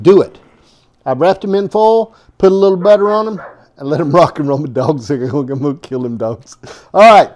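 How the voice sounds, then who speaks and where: A man with a fairly high, mellow voice hosts a casual home cooking vlog. He rambles in a folksy way and drops chuckling asides. His delivery swings widely in pitch. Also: expressive, normal speed. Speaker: home cooking show host.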